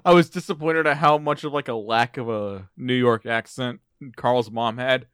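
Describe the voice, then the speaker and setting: A man joins a casual podcast as a guest and keeps laughing and joking through his story. His voice is mid-pitched and recorded dry and close. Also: normal speed, a bit bright, clear, resonant tone, no echo.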